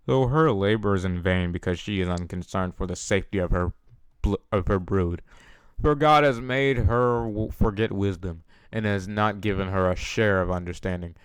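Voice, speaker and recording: A young man with a low, smooth, resonant voice reads scripture aloud. He trips over words, restarts them, and breaks off for casual, laughing asides. The recording is dry and close, with no room echo. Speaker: Bible reader.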